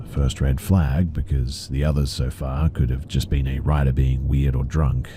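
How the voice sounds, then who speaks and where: A man narrating a first-person horror story in a calm, measured reading. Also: extremely low pitch, background noise.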